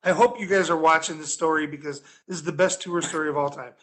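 High-voiced man telling a rambling story. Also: quick pace. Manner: rambling, animated, laughing often. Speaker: podcast guest storyteller. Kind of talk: casual storytelling.

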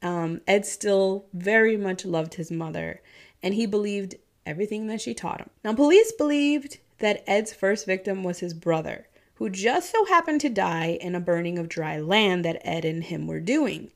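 A woman's voice: medium pitch, lively intonation, normal speed, few pauses. Chatty Midwestern woman with a Southern twang. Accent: Midwestern American with a Southern twang. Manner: chatty and swearing, with frequent laughter. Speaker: true-crime vlogger. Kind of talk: casual true-crime storytelling.

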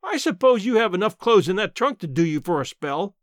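In an audiobook, a man voices a sharp-tongued, plainspoken elderly aunt from the countryside, grumbling and matter-of-fact in a blunt, sardonic mood. Her high-set speech swings freely in pitch with a blunt edge, very animated at a moderate pace. The recording is dry and close, with no room sound.

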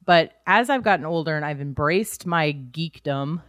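Low-voiced woman podcast co-host. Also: lively intonation, moderate pace, no echo, studio quality. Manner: candid, self-deprecating, laughs often. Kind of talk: casual chat.

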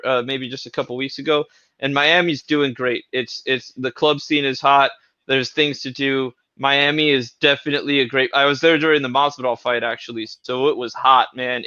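A man chatting as a podcast guest in a relaxed, rambling way. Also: medium pitch, no echo. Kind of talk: casual podcast chat. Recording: slightly dull lo-fi remote audio.

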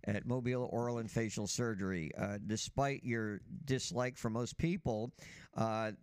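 A man's voice: medium pitch, steady tone, normal speed, clean tone, dry recording. A man co-hosting sports radio, speaking emphatically and reading a sponsor ad. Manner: emphatic, lecturing. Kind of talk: sports radio opinion and live ad read.

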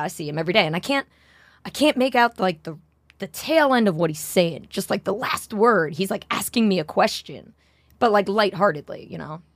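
A young woman, co-hosting a podcast and telling a long story in a rambling, animated way. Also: mid-range voice, no echo, studio quality. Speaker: podcast co-host. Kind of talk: casual comedic chat.

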